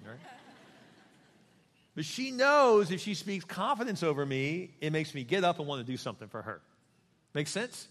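A middle-aged man preaching as a pastor, animated and conversational, acting out little quotes. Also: on the high side, moderate pace, long pauses. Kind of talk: sermon. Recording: long hall reverb.

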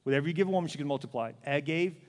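A man preaching a sermon as pastor, animated, acting out little scenes with voices and repeating punchy phrases with questions to the crowd. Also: on the high side, very fast, big-room sound.

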